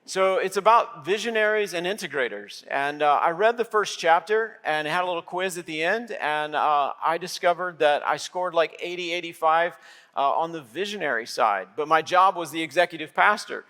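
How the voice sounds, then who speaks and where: A man's voice: fairly high pitch, normal speed, sharp tone. A middle-aged man, a lead pastor, giving a sermon in a conversational way with many filler words. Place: church sanctuary. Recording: long hall reverb.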